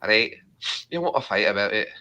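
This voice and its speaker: A brash, cocky Scottish bloke, as a man puts him on. He talks in a boisterous, teasing way. His voice is bright and swings around a lot. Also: on the low side, animated, moderate pace, lo-fi sound.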